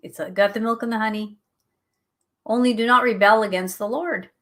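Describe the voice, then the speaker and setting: A woman's voice: on the high side, moderate pace. Chatty middle-aged woman teaching scripture. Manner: animated, chatty, acts out quotes, laughs at herself. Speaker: host and Bible teacher. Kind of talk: conversational Bible study teaching.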